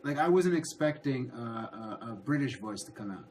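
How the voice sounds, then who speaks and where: A man's voice: medium pitch, lively intonation, moderate pace, darkish tone, slight background noise. Hesitant male streamer, easygoing chat with a guest. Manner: hesitant, repeats words and restarts. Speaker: livestream host. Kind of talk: casual chat.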